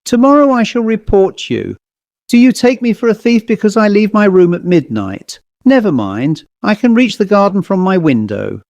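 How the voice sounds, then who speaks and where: Give me a fierce, demanding haunted gentleman, voiced by a male narrator, with a mellow, dark tone. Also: on the high side, sing-song, unhurried, dry recording. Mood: angry. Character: haunted, irritable English gentleman.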